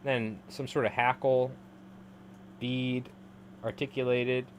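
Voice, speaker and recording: A man's voice: mid-range voice, little pitch movement, takes it slowly, a little hiss or hum. A man in his thirties chatting casually on a live stream while tying flies, rambling and laughing often. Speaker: live-streaming fly tyer.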